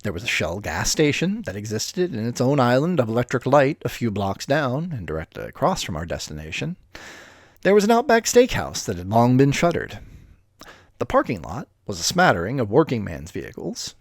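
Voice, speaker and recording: A man's voice: medium pitch, no room sound, clean studio sound. A man reading a story aloud with a casual, profane, self-deprecating manner and offhand asides. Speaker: reader of stories.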